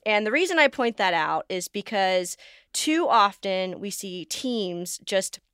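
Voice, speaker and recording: A woman's voice: medium pitch, sing-song, measured pace, a bit bright, smooth, dry recording, clean studio sound. A woman co-hosting a podcast in a conversational way, with a wry, openly sarcastic tone. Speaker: podcast co-host.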